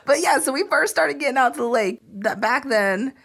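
Lively, teasing woman from Florida. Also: sits high, moderate pace, creaky. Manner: laughs often, teasing. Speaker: podcast co-host. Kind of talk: casual chat.

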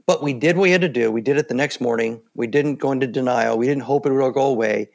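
An older man with a gravelly, fry-edged voice talks through his experiences in a calm, matter-of-fact way. He sounds like a seasoned interview guest, unhurried and plainspoken, settling into each story at an easy pace. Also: medium pitch. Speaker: guest, former Navy SEAL. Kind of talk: casual interview talk.

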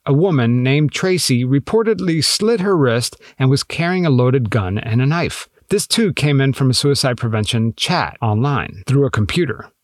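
A man hosting a true-crime podcast, reading scripted narration in a measured, pointed, lightly sarcastic way. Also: medium pitch, lively intonation, dry recording, clean studio sound. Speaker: podcast host.

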